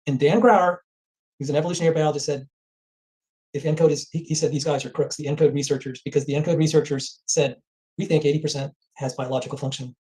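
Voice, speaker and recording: A man speaking as an interview guest, telling anecdotes in a rapid flow and often repeating words. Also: on the high side, fairly even intonation, darkish tone, low-quality recording. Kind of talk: conversational interview.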